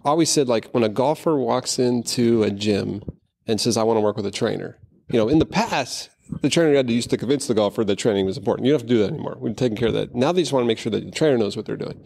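Man, quick and gravelly, animated storyteller acting out quotes, casual interview guest. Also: mid-range voice. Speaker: guest, golf fitness founder.

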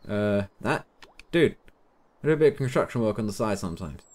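A man's voice: lowish voice, lively intonation, fairly quick, a little mellow, natural voice. A man doing a laid-back mechanic with a fake American drawl. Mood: easygoing. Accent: put-on American. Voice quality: casual drawl, calls everyone man. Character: laid-back male small-town mechanic, friendly.

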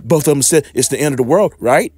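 A man's voice: mid-range voice, fast, slightly rough. A man preaching a fired-up sermon on his channel, emphatic and repetitive, with sudden profane outbursts. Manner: excited, emphatic, repeats himself.

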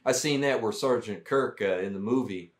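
A man's voice: fairly low pitch, moderate pace. A man, a veteran guest, telling profane, rambling war stories in casual talk. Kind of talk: casual storytelling.

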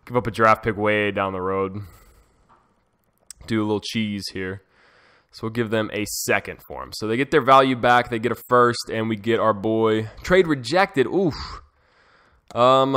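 Young dude doing casual game commentary, chill, swears a lot when hyped. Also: male voice, on the low side, smooth. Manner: excitable, swears freely, talks to viewers. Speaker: gaming YouTuber. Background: dog heard in cage.

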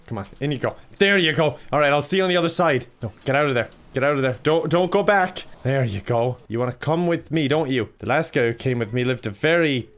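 A young man with an Irish accent doing animated let's play commentary, joking, swearing and laughing as he plays. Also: medium pitch, a little fast, hardly any pauses. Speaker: gaming YouTuber.

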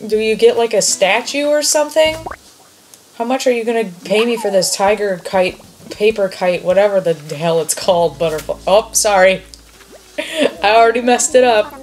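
A woman chatting excitedly and swearing lightly as she comments on a game she is playing. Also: medium pitch, normal speed. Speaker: gamer. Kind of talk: casual gameplay commentary.

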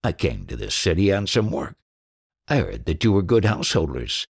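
A man's voice: low-pitched, sing-song, normal speed, vocal fry, slightly rough, exaggerated voice. Man reading a crafty wandering holy man. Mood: pleading. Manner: bossy, cunning. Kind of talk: audiobook reading.

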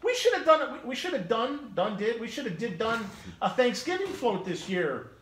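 A man voicing a goofy, excitable male puppet co-host who jokes and whoops. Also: very high voice, moderate pace, heavily acted. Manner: jokey, excitable, whoops and exclamations. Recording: echoey room, faint noise.

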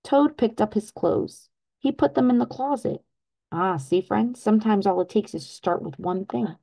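A woman's voice: mid-range voice, moderate pace, creaky, poor audio. Teacherly woman reading aloud to kids. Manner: warm teacherly, asks children questions. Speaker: children's story reader, channel host. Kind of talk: read-aloud with questions for kids.

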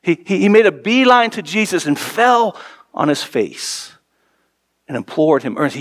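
An earnest man in his forties preaching from the pulpit. His voice sits a little high for a man, and he repeats words as he leans into a point, then sinks quiet for tender moments. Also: sing-song, moderate pace. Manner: earnest, repeats words when emphasizing, drops soft and low for tender passages. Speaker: pastor. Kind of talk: sermon.

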